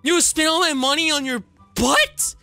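A woman's voice: high-pitched, measured pace, creaky, sharp tone, soft background music, heavily acted. A woman voicing a baffled young woman in a Roblox role-play, asking incredulous questions.

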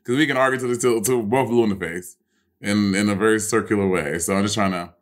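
A man's voice: lowish voice, quick pace. A man co-hosting a podcast in casual chat, blunt and swearing, trying to move the talk along. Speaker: podcast co-host.

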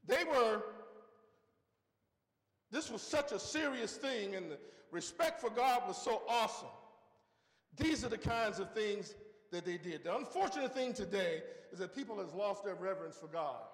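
Male preacher, very high voice, folksy sermon with "okay?" check-ins, long church-hall reverb. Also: lively intonation, moderate pace. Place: church sanctuary.

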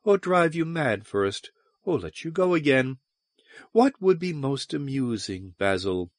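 A cruel, playful alien sorceress, as a man puts her on, purring her lines in a raised, hushed voice. She sounds amused and dangerous, and the recording is dry and close. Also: a little high, sing-song, a little slow, no echo, voice pushed up. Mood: teasing, soft. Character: seductive, mocking alien sorceress woman.

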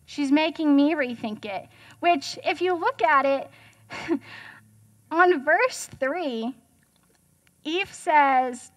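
Chatty high-voiced woman preaching. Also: slow pace, pauses often. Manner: chatty, jokey, asks the audience questions. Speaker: guest speaker. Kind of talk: casual sermon.

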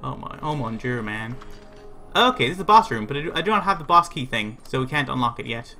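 A man's voice: mid-range voice, lively intonation, fast, bright, forceful tone, faint music behind. A man livestreaming a video game, giving rambling play-by-play commentary to himself and his chat. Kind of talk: live gameplay commentary.

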